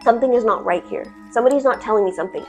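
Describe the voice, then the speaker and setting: Woman doing an agitated young woman, insistent, fast bursts. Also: a little high, soft background music, lightly acted. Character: frantic young woman moving to a new town.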